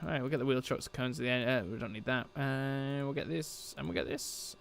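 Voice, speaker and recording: A man's voice: mid-range voice, brisk, vocal fry, a little hiss or hum. A man from Britain chatting on a live stream as he shuts down a sim aircraft, laughing often and answering his chat.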